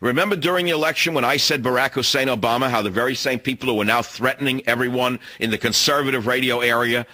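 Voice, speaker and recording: A man's voice: mid-range voice, quick pace, few pauses, bright, forceful tone, dry recording. A man hosting an opinion radio talk show, delivering an emphatic monologue full of repeated phrases and rhetorical questions. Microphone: studio microphone.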